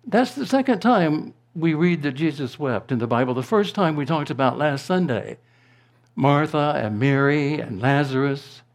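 A man preaching a sermon to his congregation, slow and deliberate, rising to emphatic proclamations and dropping to a hush. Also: fairly high pitch, animated. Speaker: pastor.

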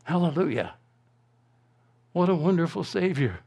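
A man preaching a sermon to his congregation, slow and deliberate, rising to emphatic proclamations and dropping to a hush. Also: a little high, expressive. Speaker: pastor.

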